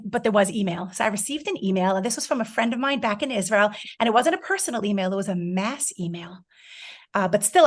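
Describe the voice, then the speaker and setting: A woman's voice: on the high side, a bit bright. A woman in her forties telling a personal story to an online group, acting out her own past words. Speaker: guest speaker. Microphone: video call.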